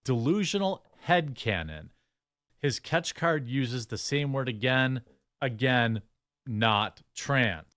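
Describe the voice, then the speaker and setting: A male online commentator speaking in a dismissive way, reading posts aloud between his remarks. His voice is mid-pitched and the sound is dry and close, with no room around it. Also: expressive, slow pace, fairly bright tone, no echo. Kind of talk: video commentary.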